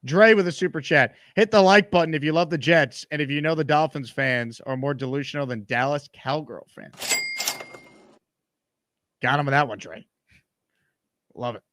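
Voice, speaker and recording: A man's voice: on the high side, normal speed, long pauses, a bit bright, dry recording, studio quality. A man hosting a live sports talk stream, reading viewer comments aloud in an upbeat, teasing way. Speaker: show host.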